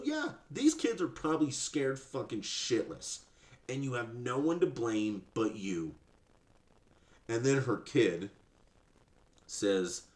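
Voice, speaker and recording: A man's voice: low voice, roomy sound. A man hosting a podcast, ranting sarcastically and profanely in mocking commentary. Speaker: podcast host.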